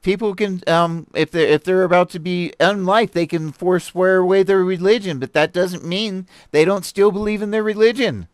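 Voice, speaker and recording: A man's voice: sits high, normal speed, hardly any pauses, clean tone, dry recording, clean studio sound. Chatty man rambling over articles. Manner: rambling and animated, many fillers and laughs. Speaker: host reviewing articles. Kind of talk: casual commentary on a live stream. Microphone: desk mic with a stream deck.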